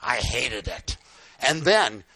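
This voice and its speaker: A man's voice: medium pitch, big pitch swings, slow, pushed and bright, breathy edge. An older man preaching, telling folksy stories with repeated lines and "guess what?" asides. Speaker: pastor. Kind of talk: storytelling sermon.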